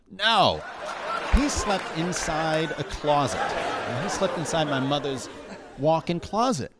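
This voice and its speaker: A man's voice: on the high side, very animated, a little slow, background noise. Young man doing a stand-up set. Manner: conversational, keeps checking in with the crowd. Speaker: stand-up comedian. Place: stage of a local comedy bar.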